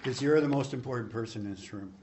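A man's voice: mid-range voice, quick pace, noisy background. A man sharing his recovery story at a convention, rambling, joking and swearing freely. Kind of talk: recovery-meeting share. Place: convention hall.

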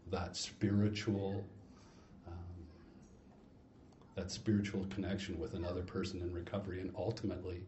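A man speaking earnestly and reflectively at a recovery convention, pausing as he searches for words. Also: sits low, dark tone, roomy sound, highs cut off, slight background noise. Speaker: speaker introducing the next share. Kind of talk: heartfelt talk at a recovery convention. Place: convention hall.

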